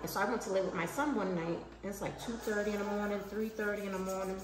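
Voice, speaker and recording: A woman's voice: mid-range voice, fast, echoey room, rough recording. A woman vlogger telling a story in casual, slangy chat, acting out what people said and swearing freely. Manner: animated, acts out quotes, slangy and swears casually.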